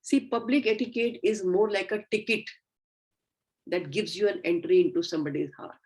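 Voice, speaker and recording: A middle-aged woman giving a recorded lecture to medical students, earnest and instructive, often pausing on fillers. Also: medium pitch, darkish tone, breathy edge, rough recording.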